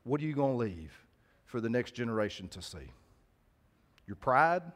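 A man's voice: medium pitch, big pitch swings, normal speed. Man preaching a casual sermon. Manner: conversational preaching with call-outs to the congregation. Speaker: pastor. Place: church.

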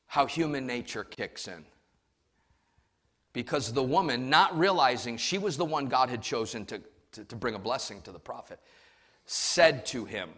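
A middle-aged male pastor preaching a sermon. He tells stories with emphasis, swinging from shouts down to hushed asides. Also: on the high side, very animated, unhurried, pauses often.

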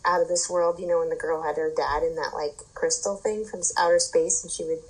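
Rambling low-voiced woman podcast host. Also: fairly even intonation, fairly quick, slightly rough, rough recording. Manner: rambling, filler-heavy storytelling. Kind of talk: casual chat.

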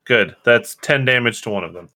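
A man playing a tabletop game, talking eagerly and quickly about the rules. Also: medium pitch, sharp tone. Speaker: player. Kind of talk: casual tabletop game talk.

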